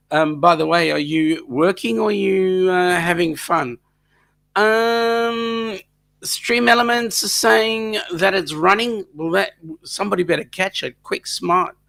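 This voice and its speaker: A man's voice: fairly high pitch, vocal fry, a bit bright. A man hosting a live stream, chatting casually and reading out viewer comments, with lots of ums and restarts. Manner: chatty, repeats himself, many ums.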